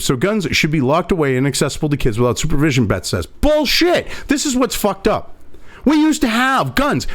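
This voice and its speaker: A male host delivering a profane, angry political commentary rant full of sarcasm. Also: sits high. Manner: angry, sarcastic, swears constantly.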